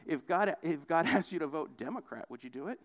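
This young man preaches in a conversational style, his intonation lively and his pace fairly quick. He's casual about it, tossing in "right?" again and again and performing quoted voices with wide pitch leaps.

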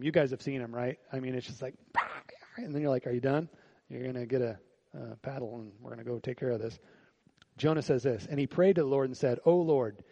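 A pastor preaching a sermon at a church service in a conversational way. He keeps asking the congregation rhetorical questions and swings between quiet, reflective lines and louder, animated bursts. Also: on the high side, low-quality recording.

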